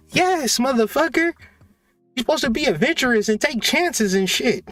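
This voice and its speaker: A man hosting a spiritual channel, delivering a profane, mocking, animated comedic rant. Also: very high-pitched, normal speed, soft background music.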